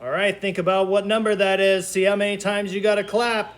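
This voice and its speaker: A high-pitched man leads a kindergarten counting game with cheerful, patient energy. He drags out the numbers in a sing-song way and talks warmly to small children at home. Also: little pitch movement, a little fast. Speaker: kindergarten teacher. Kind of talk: remote lesson for young children.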